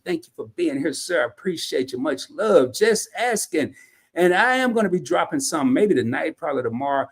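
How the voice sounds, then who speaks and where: A man hosting a casual livestream, reading viewer comments in a folksy, slangy, animated way. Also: mid-range voice, vocal fry. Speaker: livestream host.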